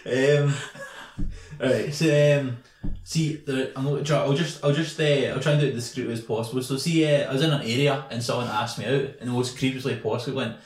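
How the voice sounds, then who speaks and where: Man, twenties, rambling, sweary, laughing, mid pitch, roomy echo. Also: fairly even intonation, a little fast. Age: 20s. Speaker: podcast co-host. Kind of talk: casual banter.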